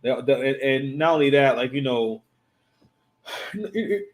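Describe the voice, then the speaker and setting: A man's voice: mid-range voice, expressive, slow pace. A man hosting a casual reaction commentary, rambling and often restarting his sentences. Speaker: commentary channel host.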